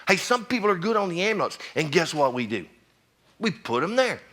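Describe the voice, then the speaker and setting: A man's voice: high voice, very animated, brisk, fairly bright tone. A middle-aged man, a fire chief giving a blunt, preachy conference speech that keeps putting questions to the crowd.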